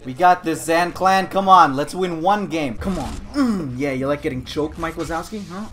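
A man giving jokey, excitable gameplay commentary who often bursts into shouts. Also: fairly high pitch, normal speed, few pauses, faint music behind. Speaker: gaming YouTuber.

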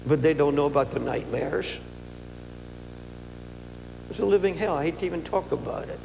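Earnest older male preacher, gravelly, echoing hall. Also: on the high side, normal speed. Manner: earnest, personal storytelling with repetitions and stammered restarts. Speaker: pastor. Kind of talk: sermon. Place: large conference hall. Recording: echoey hall with faint hum.

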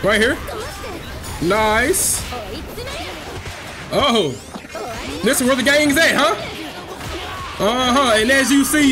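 A man's voice: very high voice, lively intonation, slow pace, pauses often, music in the background. A man hosting his gaming channel, giving playful, slangy trash-talk commentary while he plays and joking with his viewers. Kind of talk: live gameplay commentary.

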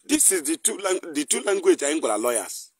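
A man's voice: on the high side, sing-song, fairly quick, breathy edge, dry recording. A man with a Nigerian accent hosting a live online broadcast, mixing English with Igbo and firing off angry, mocking rhetorical questions. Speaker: activist broadcaster.

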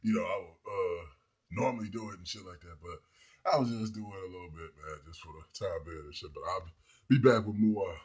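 A man's voice: low-pitched, fairly quick, breathy edge. A man delivering a rambling, profane comedic rant to his viewers. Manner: profane, rambling, laughs at people. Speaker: vlogger.

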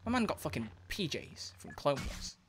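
A young man streaming a video game live, excitable and swearing a lot as he comments. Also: on the high side, normal speed, slight background noise. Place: home gaming setup at a desk.

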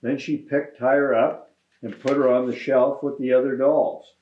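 A man reading a children's picture book aloud to students in a deliberate storytelling manner. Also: medium pitch, little pitch movement. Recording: roomy, slightly dull recording.

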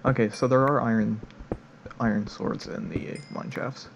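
A man's voice: medium pitch, fairly even intonation, normal speed, gravelly, a little hiss or hum. A nineteen-year-old man chatting casually over gameplay, laid-back and a bit hesitant. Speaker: gameplay video co-player. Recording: dull lo-fi mic.

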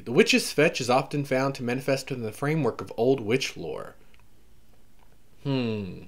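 Animated man with a light Southern accent. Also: medium pitch, creaky. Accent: Southern US, toned down. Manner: animated, exclaims, skims text with filler. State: coughing from allergies. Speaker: vlogger browsing a book catalog. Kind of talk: casual chat, reading blurbs aloud.

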